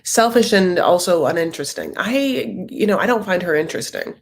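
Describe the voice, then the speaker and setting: This TV recap host sits cross-legged at home and talks a little fast in a high, creaky voice with lively intonation. His casual reality-show commentary is campy and chatty, and he calls the viewer honey.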